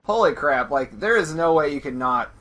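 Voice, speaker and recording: A man hosting a casual podcast chat, rambling with many restarts and getting excitable. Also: fairly high pitch, normal speed, faint music behind. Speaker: podcast host.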